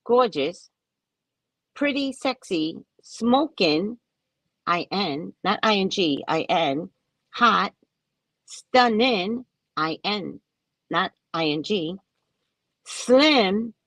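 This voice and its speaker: A woman host telling a story in casual chat, mocking and animated, laughing often and jumping high when exasperated. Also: dry recording. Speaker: podcast host.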